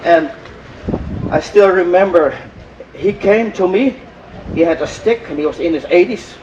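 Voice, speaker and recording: An older man from Europe tells an audience a story in a high voice and acts out each exchange with lively repeats. He is picked up by a mic some distance away. Faint vehicle noise hums behind him outdoors. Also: a little slow, long pauses, highs cut off. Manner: animated, acts out dialogue, repeats phrases. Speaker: inspirational speaker.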